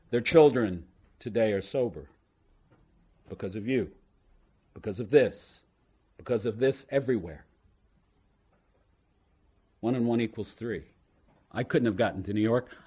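A man's voice: medium pitch, darkish tone, breathy edge. A man sharing his story at a recovery meeting in a humorous storytelling style, punchy and joking, then turning earnest. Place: lives in New York.

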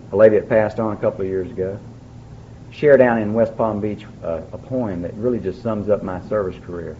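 A man's voice: lowish voice, slight background noise. Folksy man telling his recovery story. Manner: folksy storyteller, dry humor. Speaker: AA speaker sharing his story. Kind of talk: recovery meeting talk. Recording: dull lo-fi recording, faint background.

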